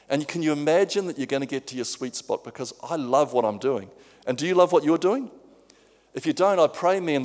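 A man's voice: on the high side, a little mellow. A male preacher giving a sermon in an earnest way, often repeating words as he goes. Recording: long hall reverb.

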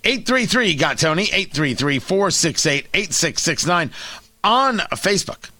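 Man, talk radio host, mocking commentary, lively pitch swings, dry studio sound. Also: takes it slowly, dry recording. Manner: sarcastic, mocking, animated. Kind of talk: opinion commentary.

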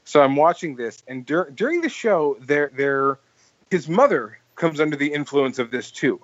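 A man's voice: a little high, expressive, moderate pace, dry recording. Podcast host, man, rambling storyteller, dry slightly dull recording. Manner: rambling, full of "like" and restarts, laughs while telling stories. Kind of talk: casual storytelling chat.

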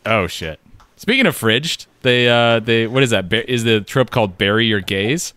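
A co-host chats casually, rambling with fillers, cursing, and laughing as he critiques things. His medium-pitched voice is clear and resonant, his pace moderate, and the recording is dry.

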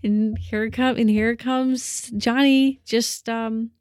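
A woman co-hosting a podcast, chatting casually about a movie, animated and full of "like" as she acts out lines. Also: a little high, slow pace, no echo, clean studio sound. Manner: animated, lots of "like", acts out quotes. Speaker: podcast co-host. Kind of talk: casual film discussion.

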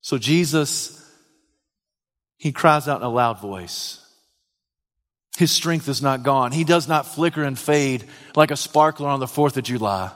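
A man preaching a sermon, swinging dramatically from hushed, quiet lines to loud, shouted ones. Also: medium pitch, measured pace, long pauses. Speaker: pastor. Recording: long hall reverb.

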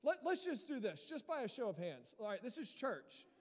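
A man's voice: very high voice, big pitch swings, moderate pace. A male pastor preaching a sermon in a casual, joking, self-deprecating way. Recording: long church reverb.

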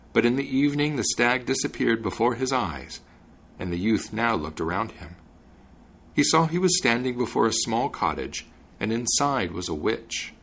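A man hosting a podcast and reading a fairy tale aloud in an expressive, measured way. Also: on the low side, gravelly, breathy edge. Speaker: podcast host and narrator.

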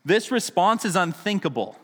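A man's voice: high voice, very animated, normal speed, long reverb tail. A man preaching a sermon in a casual, conversational teaching style, with frequent restarts and asides. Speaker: pastor.

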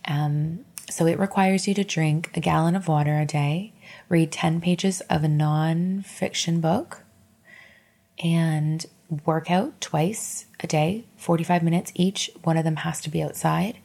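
A woman's voice: low-pitched, steady tone, measured pace, gravelly, darkish tone. A woman in her thirties hosting a casual solo podcast from her bed at home, candid and emotional, encouraging her listeners and swearing casually. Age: 30s. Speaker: podcast host.

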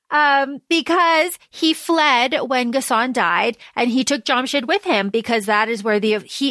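A woman with a high, bright voice talks through a book on a podcast, chatty and animated, slipping into quick quoted asides. The sound is close and dry, with no room around her. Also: no room sound. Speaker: podcast co-host. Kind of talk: casual book discussion.

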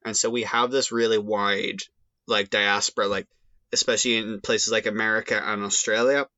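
An Irish man chats as a podcast guest, wandering through points with wry, sarcastic asides. His voice is bright and sharp, recorded dry and close on a somewhat dull, lo-fi mic. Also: lowish voice, level tone, normal speed, no room sound. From Ireland. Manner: rambling, wry sarcastic humor. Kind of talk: casual chat.

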